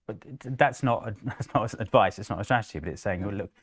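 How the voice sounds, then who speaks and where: A man's voice: lowish voice, quick pace. A man co-hosting a live market show, chatty, acting out what investors say to themselves. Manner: animated, acts out investors' inner voices. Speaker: co-host.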